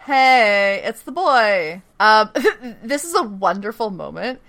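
A woman's voice: medium pitch, lively intonation, slow pace, a bit bright. A woman co-hosting a casual rewatch podcast, chatty, swearing freely and laughing often as she recaps scenes. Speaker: podcast co-host recapping episodes.

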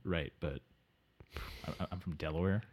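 A man voicing a slow, bewildered character who is easily confused and mumbles. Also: deep voice, a little mellow, voice pushed down. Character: dim, bewildered man obsessed with his home state.

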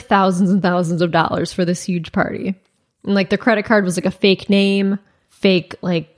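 A young woman co-hosting a casual chat, telling a story in a chatty way full of "like" fillers. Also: mid-range voice. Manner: chatty, frequent "like" fillers, quick asides. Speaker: podcast co-host.

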